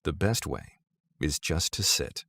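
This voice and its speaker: A man with a very low, gravelly voice reads spiritual teachings aloud. His delivery is measured and deliberate, but his pitch rises and falls in a lively way. The sound is dry and close, with no room echo. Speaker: narrator reading Zen teachings. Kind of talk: audiobook-style reading of a spiritual text.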